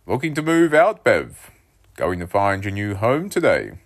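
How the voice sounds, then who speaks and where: A man's voice: fairly low pitch, wildly swooping pitch, a little slow, voice pushed up, full character voice. A man voicing a boisterous, teasing dad in a children's storybook reading, in a playful bantering manner.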